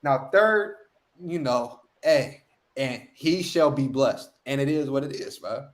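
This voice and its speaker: A man's voice: mid-range voice, slow pace. A man leading a street-style scripture lesson, emphatic and slangy, with repeated catchphrases. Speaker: lead street teacher.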